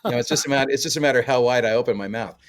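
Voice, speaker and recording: A man's voice: medium pitch, racing, a little hiss or hum. A man from Canada, a guest co-host and musician, chatting casually in a jokey storytelling way with lots of fillers. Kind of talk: casual podcast chat.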